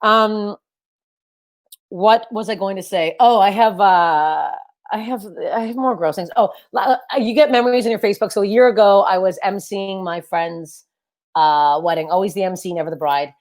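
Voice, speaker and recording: A young woman with a low, deep voice, performing a loud, energetic, self-deprecating stand-up set over a webcam. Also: normal speed. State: sweaty and overheated. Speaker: stand-up comedian. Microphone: webcam for a virtual show.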